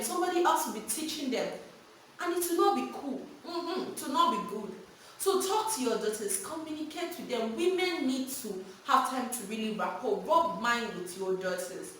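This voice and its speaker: A woman gives frank parenting advice in an animated storytelling vlog. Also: fairly high pitch, a little hiss or hum. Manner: animated, frank, laughs while telling stories. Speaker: vlogger giving parenting advice. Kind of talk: candid storytelling and advice monologue. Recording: very echoey room, mic at a distance.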